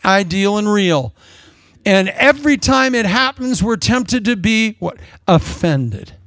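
A man preaching a sermon in a lively, jokey way, acting out quotes in different voices. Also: high voice, takes it slowly, no echo, clean studio sound. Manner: animated, jokey, acts out quotes.

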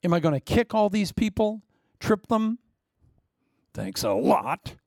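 A man preaching a sermon, animated and humorous, acting out the voices of the people he quotes. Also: high-pitched, a little slow, no echo, studio quality. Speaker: pastor.

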